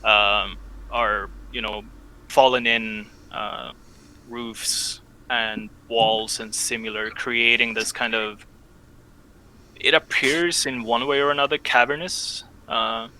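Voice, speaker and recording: A man narrating a tabletop game as game master, often pausing and searching for words. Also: mid-range voice, steady tone, bright, forceful tone, a little hiss or hum, low-quality recording. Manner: hesitant, searching for words with many fillers.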